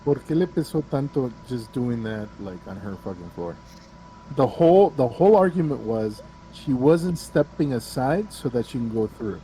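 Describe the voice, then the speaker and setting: A man's voice: mid-range voice, expressive, normal speed, dark tone, a little hiss or hum, poor audio. A man co-hosting a casual podcast, laid-back and profane, laughing often. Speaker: podcast co-host.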